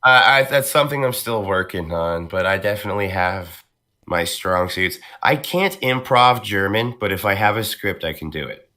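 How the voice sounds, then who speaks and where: A voice actor from the northern United States guests on a podcast, chatting casually in a lowish, pushed and bright voice with lively intonation at normal speed. He laughs often and uses plenty of fillers and restarts.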